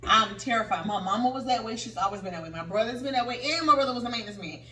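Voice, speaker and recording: A woman in her thirties co-hosting a podcast, telling a story in casual chat, animated and swearing freely. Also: on the high side, very fast. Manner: animated, swearing, acts out quotes. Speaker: podcast co-host. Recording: echoey room, distant mic, faint noise.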